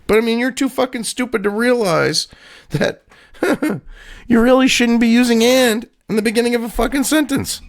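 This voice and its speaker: A man's voice: extremely high pitch, creaky, no room sound, studio quality. A man, hosting a profane rant reacting to a news article, angry and mocking and swearing constantly. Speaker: political commentary host.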